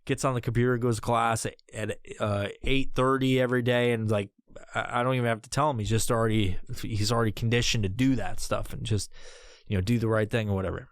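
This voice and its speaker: A man's voice: mid-range voice, steady tone, fast talker, clean tone, dry recording, clean studio sound. A man hosting a podcast, telling a rambling, heavily profane comedic story. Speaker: podcast host.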